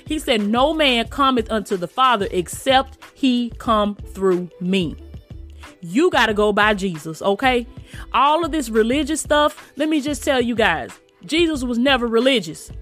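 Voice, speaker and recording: A woman's voice: fairly high pitch, a bit bright. A woman preaching an informal sermon with emphatic, repetitive, colloquial delivery, often asking "okay?" and calling listeners "you guys". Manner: colloquial, drops into "ain't" and "okay?".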